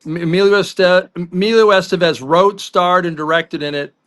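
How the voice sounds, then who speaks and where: A man co-hosting a sports talk podcast, telling chatty anecdotes with quick asides. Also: high voice, fairly even intonation, a bit bright. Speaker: podcast co-host.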